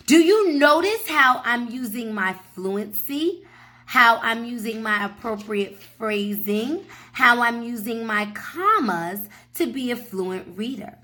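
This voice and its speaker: Woman first grade teacher, slow deliberate delivery, lively pitch, echoey room, distant mic. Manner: slow, emphatic teacher talk with frequent checks. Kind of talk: recorded classroom lesson.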